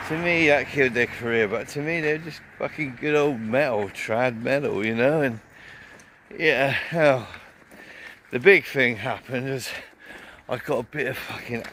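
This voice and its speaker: A man's voice: medium pitch, a bit bright, a little hiss or hum. A man vlogging a casual, rambling festival review, swearing often and telling a story full of fillers.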